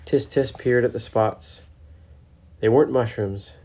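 A man narrating a storybook in a gentle, reflective, steady way. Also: medium pitch, unhurried.

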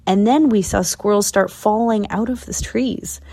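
A woman's voice: mid-range voice, normal speed, mellow, husky, no echo, voice pushed up. A woman voicing a playful, teasing young male squirrel in a storybook. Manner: playful, joking.

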